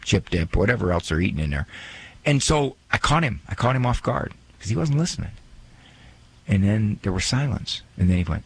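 A man's voice: fairly low pitch, big pitch swings, a little fast, creaky, slight background noise. A man hosting a radio talk show, chatting in a joking, self-mocking way and acting out little quoted asides. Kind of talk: casual radio monologue.

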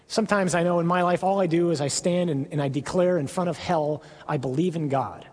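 A man, a priest, preaching a sermon emphatically, with hushed dramatic drops in his voice. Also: high voice, fairly even intonation, fast talker. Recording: echoey hall.

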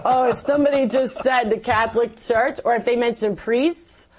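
A woman giving a personal faith testimony as an interview guest, telling her story in an animated way and acting out her own past words. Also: a little high, normal speed, breathy edge, rough recording.

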